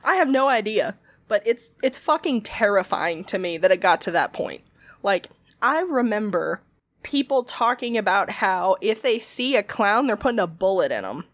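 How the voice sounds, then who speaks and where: A woman's voice: mid-range voice, sing-song, moderate pace, fairly bright tone, dry recording. A woman co-hosting a casual podcast, blunt and dramatic, swearing often. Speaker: podcast co-host.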